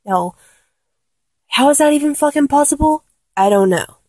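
A woman's voice: high voice, animated, moderate pace, a little mellow, no echo. A young woman voice actor playing a flustered, blunt young woman in a one-sided audio role-play, exasperated, stammering and swearing.

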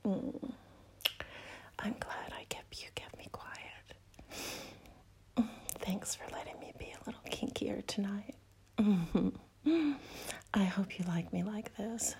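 A woman speaking in a whispered role-play, breathing her words softly and intimately between quiet murmurs. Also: medium pitch, steady tone, a little slow, vocal fry, long pauses.

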